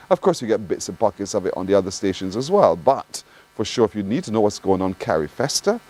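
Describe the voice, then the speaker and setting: A man's voice: on the low side, darkish tone, low-quality recording. A man with a Barbadian accent hosting a morning call-in radio show, teasing callers with playful banter. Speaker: radio host.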